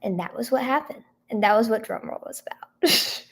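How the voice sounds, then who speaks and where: A hoarse woman singer-songwriter chatting casually on a livestream, thanking viewers by name and filling her talk with "like" and "um". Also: fairly high pitch, lively intonation, moderate pace, fairly bright tone.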